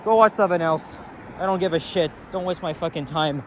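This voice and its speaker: A Canadian vlogger walks along a city street near traffic, ranting angrily at the camera with lots of swearing and rambling. His voice is fairly high and a little fast, with slight background noise.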